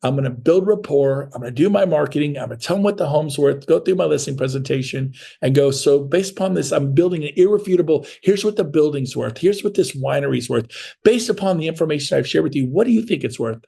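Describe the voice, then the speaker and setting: Middle-aged male sales trainer, gravelly tone, slightly high voice, blunt, high-energy delivery, acts out client exchanges. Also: expressive, fast, mellow. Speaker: real estate sales coach. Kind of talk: motivational sales training talk.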